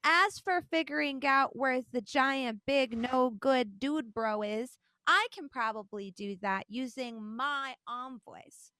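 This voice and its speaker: A woman's voice: sits high, slow pace, few pauses, pushed and bright, a little hiss or hum, full character voice. A woman voicing a casual, motherly female turtle goddess who talks in breezy modern slang. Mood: planning.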